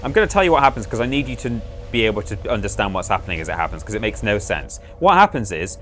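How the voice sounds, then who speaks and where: A fast-talking livestream host with a lowish, fairly bright voice is very animated while playing a game. He gives casual, amused commentary, rambling and correcting himself, as faint game music runs underneath.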